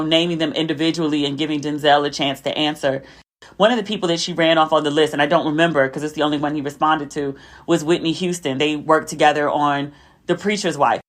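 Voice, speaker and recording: A young adult woman hosting a podcast, telling stories in a casual chat and raising her voice to act out what people said. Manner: chatty storytelling, acting out quotes with a raised pitch. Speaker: podcast host.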